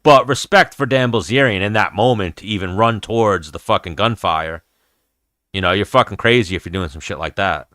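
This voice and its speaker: A man hosts a casual MMA livestream, rambling, swearing freely and chatting with viewers. His lowish voice is fairly quick, pushed and bright, captured in studio quality with no echo.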